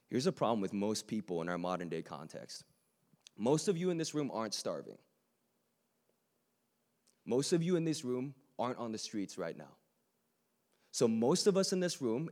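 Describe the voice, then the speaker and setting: Man, low voice, preaching to a room, earnest, chatty asides. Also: a little mellow. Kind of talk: sermon. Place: room with a live audience.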